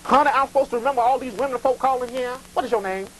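A man's voice: very high-pitched, racing, slight background noise, rough recording. A man hosting a live call-in show, talking in a theatrical, preachy way and calling callers "honey".

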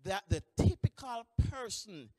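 A man giving a training lecture, telling lively stories with frequent restarts. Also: high voice, a little slow, dry recording, clean studio sound, in a large hall. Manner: animated storytelling, many restarts. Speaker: employment trainer.

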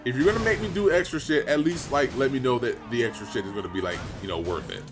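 Animated, swearing gameplay commentator man. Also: mid-range voice, fast talker. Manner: animated, profane, playfully exasperated. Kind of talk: let's play banter.

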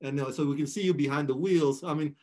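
A man's voice: fairly high pitch, steady tone, fast, darkish tone. A man hosting a casual interview, asking enthusiastic questions. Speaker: interviewer, host.

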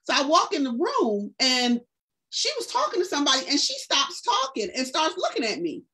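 A woman in her forties, an author and educator, telling stories casually in a book discussion. She speaks in loose, vernacular phrasing and acts out the lines of people she quotes. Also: normal speed. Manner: casual and vernacular, acts out quoted speech with lively pitch jumps. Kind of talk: conversational storytelling in a book discussion.

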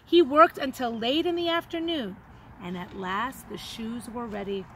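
A woman teacher reading a children's story aloud in an expressive, dramatic way. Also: on the high side, measured pace, slight background noise, low-quality recording.

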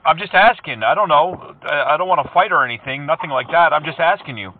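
A man's voice: on the high side, fast talker, a little hiss or hum. A man making prank phone calls, talking in a mocking, teasing, playful way. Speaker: prank caller. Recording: tinny phone line.

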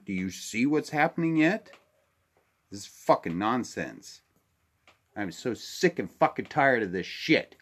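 An older man with a fairly low voice, from Alaska, venting into his camera in a furious, profanity-laden political rant. He swings between shouted outrage and weary, heavy sighs. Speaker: vlogger.

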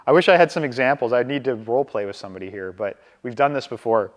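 A Canadian man leads a casual real estate training over a video call. He speaks at an everyday mid pitch, drops "right?" after nearly every point, and drags his pace down deliberately when he stresses staying calm. His voice carries a long, ringing hall reverb. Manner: conversational, keeps checking in with "right?"; slows down deliberately to model calm. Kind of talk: live training talk.

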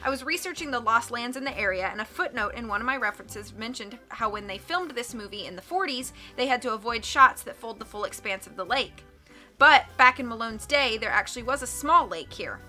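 A woman's voice: on the high side, expressive, fairly quick, sharp tone, faint music behind. A woman reading the lines of an eager young man who loves old films, in her own voice. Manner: eager, explaining. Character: young adult male film buff.

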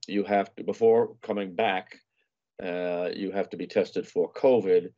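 An older man, a food and travel writer, telling a story in a loose, meandering way with many fillers. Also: deep voice. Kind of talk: casual storytelling chat. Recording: muffled lo-fi audio.

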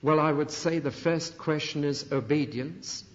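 A middle-aged man preaching a sermon, earnest and emphatic, with dramatic pauses. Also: a little high. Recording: dull archival sermon recording in a reverberant hall.

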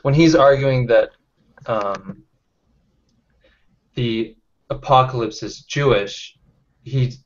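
A man leading a casual online book discussion, talking haltingly with many fillers and restarts. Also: mid-range voice. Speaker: discussion leader. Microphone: webcam or computer mic on a video call. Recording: lo-fi video call audio.

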